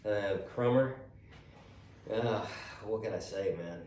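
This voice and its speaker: A middle-aged caddie with a deep, low voice tells stories in a loose, halting way, often stumbling over repeated words. He sits some distance from the mic in a roomy, echoing space, and a faint hiss of background noise runs under his voice. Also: darkish tone. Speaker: golf caddie. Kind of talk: casual storytelling interview.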